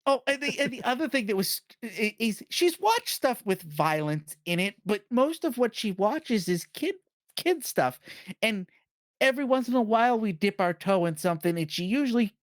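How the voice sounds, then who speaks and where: Animated parent telling a podcast anecdote, dry sound. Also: mid-range voice, moderate pace, no room sound. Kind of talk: casual storytelling chat.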